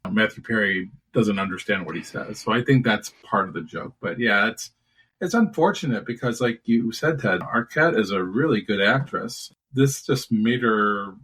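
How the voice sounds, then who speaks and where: A man's voice: on the low side, moderate pace, a bit bright, slight background noise, poor audio. A man co-hosting a movie podcast, thoughtfully explaining film trivia in casual chat. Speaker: podcast co-host.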